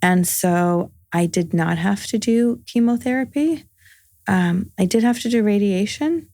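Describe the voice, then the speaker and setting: A woman's voice: mid-range voice, unhurried, dark tone, no echo, studio quality. A woman in her forties, a podcast guest telling a personal story in casual conversation, earnest and full of reported dialogue. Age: 40s.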